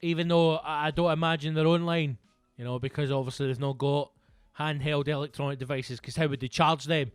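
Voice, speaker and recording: A man's voice: on the high side, steady tone, a little fast, smooth, no room sound, soft background music. A Scottish man hosting a podcast alone, rambling through casual comedic chat with lots of swearing and jokes. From Scotland. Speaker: podcast host.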